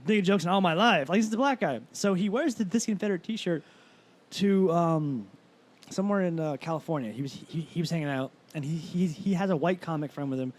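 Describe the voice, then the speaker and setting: A man's voice: on the high side, a little fast. Rambling, profane man telling stories. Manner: rambling animated storyteller who swears often. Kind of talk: casual podcast chat.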